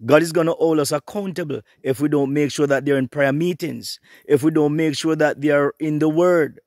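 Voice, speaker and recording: A middle-aged man preaching an online sermon, fervent and repetitive, swinging between hushed and rising passages. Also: on the high side, fairly even intonation, moderate pace, no room sound, studio quality.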